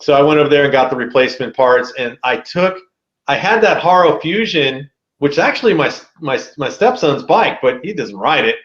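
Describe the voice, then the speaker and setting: A man as a podcast guest telling a story in a casual, animated way, with a lot of slang. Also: on the high side, a little fast, echoey room, lo-fi sound.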